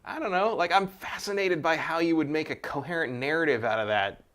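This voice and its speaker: A man's voice: on the high side, brisk, fairly bright tone. A man co-hosting a gaming podcast, chatting casually in a rambling, opinionated way. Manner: rambling, with many fillers and restarts, opinionated. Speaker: podcast co-host. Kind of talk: casual chat.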